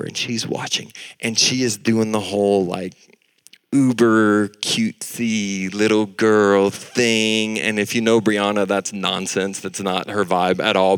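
A man in his thirties preaching a sermon, telling a family story with lively acted-out voices. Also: lowish voice. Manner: animated storytelling, acting out voices. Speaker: pastor.

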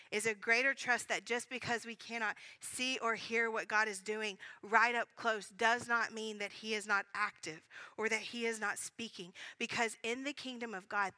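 Bright-voiced woman preacher telling a story. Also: medium pitch, no room sound, rough recording. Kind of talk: sermon storytelling.

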